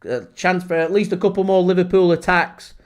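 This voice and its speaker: A man calls a football match live for his fan channel's watchalong. His voice sits high for a man. He shifts quickly from steady play-by-play into shouting and laughing disbelief. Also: clean tone. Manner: excitable, shouts and laughs in disbelief at big moments.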